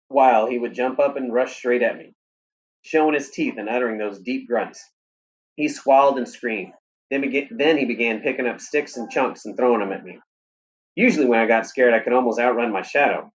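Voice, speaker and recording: A man, a teacher, reading a novel aloud in a steady, plain storytelling manner. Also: medium pitch, highs cut off.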